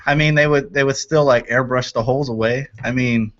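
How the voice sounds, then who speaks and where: A man's voice: medium pitch, steady tone, brisk, fairly bright tone. A man co-hosting a casual talk show, easygoing and a little hesitant as he introduces songs. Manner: easygoing, hesitant, laughs at himself. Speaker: co-host introducing music. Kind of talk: casual chat. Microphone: video call. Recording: dull lo-fi online video call.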